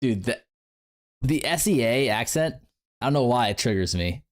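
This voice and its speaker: This one has a medium pitch, lively intonation and a moderate pace. He's a young man streaming games, chatting loosely and playfully with viewers, wandering off topic and using plenty of fillers.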